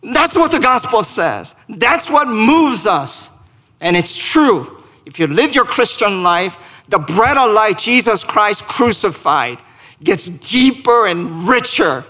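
A male pastor delivers a sermon in a measured, unhurried way, his voice sitting a little high for a man. He speaks earnestly and asks his listeners questions. He builds to emphatic peaks and then drops into quiet prayer. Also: big pitch swings, long reverb tail. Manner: speaks directly to the congregation with questions.

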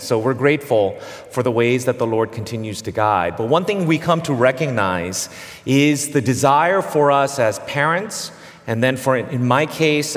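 Pastor preaching in a reverberant hall. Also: male voice, mid-range voice. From immigrant who came to the US at nine. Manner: earnest and measured, with pauses and restarts. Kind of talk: sermon.

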